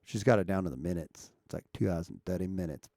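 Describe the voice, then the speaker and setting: Gravelly-voiced man chatting on a live stream. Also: low-pitched, fast, dark tone, no echo, clean studio sound. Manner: chatty, talks to viewers, fiddles with mic levels. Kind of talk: casual live stream chat. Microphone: streaming mic at home setup.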